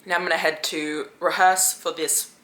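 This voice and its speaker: A young woman in her twenties chatting casually to camera in a vlog, quick and loose, swearing now and then. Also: deep voice, little pitch movement, fairly bright tone, echoey room. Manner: chatty, swearing, fast bursts of talk. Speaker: vlogger.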